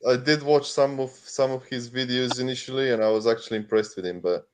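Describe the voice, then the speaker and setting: A man's voice: mid-range voice, fairly even intonation, brisk, darkish tone, slight background noise. A man talking as a guest in a casual chat, hesitant and dry. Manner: hesitant, with restarts and dry humour.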